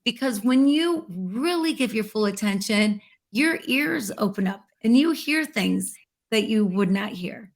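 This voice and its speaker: A woman interview guest talking in an earnest, reflective way, slowing down to stress key words. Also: mid-range voice, expressive, vocal fry. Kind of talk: heartfelt interview conversation.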